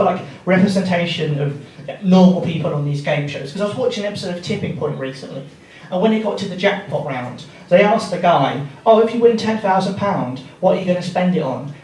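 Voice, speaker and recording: High-voiced comic, swearing and laddish. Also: male voice, fairly quick. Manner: laddish, swearing, animated, laughing at his own jokes. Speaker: stand-up comedian. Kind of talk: stand-up comedy. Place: theatre stage before a live audience. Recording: roomy theatre sound from a distant mic, loud audience. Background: audience laughter.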